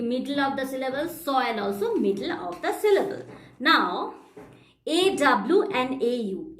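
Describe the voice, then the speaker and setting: A woman teaches phonics, pausing to spell out letters and sound out each word. Her voice sits high and her delivery is unhurried. The room around her gives back a noticeable echo. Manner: slow, deliberate explanation, spelling out letters and sounding words. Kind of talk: phonics lesson. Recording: echoey room.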